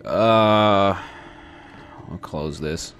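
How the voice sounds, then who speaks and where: A man's voice: low voice, very slow, fairly bright tone, soft background music. A man hosting a gaming channel, chatting casually as he plays and talking back to the game characters. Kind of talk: let's play commentary.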